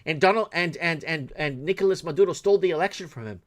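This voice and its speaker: A man's voice: on the high side, quick pace. A man hosting a call-in show, blunt and argumentative, lecturing and cursing freely. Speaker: host. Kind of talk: opinionated call-in talk show.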